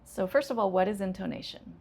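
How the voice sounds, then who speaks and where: A woman ESL teacher, calmly explaining English intonation with frequent fillers. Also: mid-range voice, gravelly. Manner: relaxed, explains slowly with many fillers.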